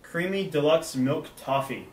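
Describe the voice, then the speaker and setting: A man's voice: a little high, unhurried, darkish tone. Laid-back young man, roomy sound. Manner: laid-back, laughs easily. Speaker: snack review co-host. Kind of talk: casual chat reading trivia. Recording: echoey room, mic at a distance.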